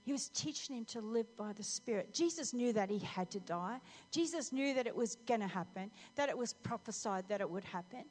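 A woman preacher giving a lively storytelling sermon, speaking directly to the congregation. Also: on the high side, fairly quick, few pauses. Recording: reverberant hall, faint music.

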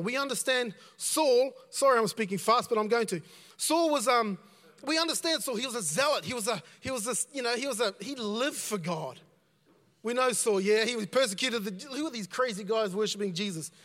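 A man's voice: high-pitched, a bit bright, in a large hall. A man preaching a conversational sermon as a pastor, repeating himself and dropping in asides.

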